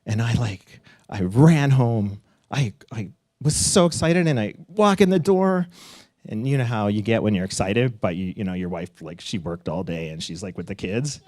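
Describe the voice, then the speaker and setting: A middle-aged man telling a personal story live on stage, animated and swearing at times, leaping up in pitch as he acts out what people said. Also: normal speed, no echo, studio quality. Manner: animated, acts out quotes with big pitch jumps, laughs and swears.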